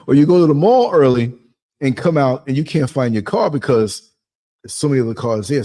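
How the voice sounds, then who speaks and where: A man's voice: medium pitch, expressive, brisk, dark tone. Man, livestream host, chatty, laughs a lot, reads chat. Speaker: podcast host. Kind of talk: casual livestream talk.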